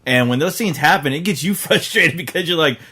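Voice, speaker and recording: A man's voice: fairly high pitch, animated, fairly quick, pushed and bright, husky. A man co-hosting a casual movie review podcast, joking and chiming in with his take. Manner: joking, easygoing. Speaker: podcast co-host.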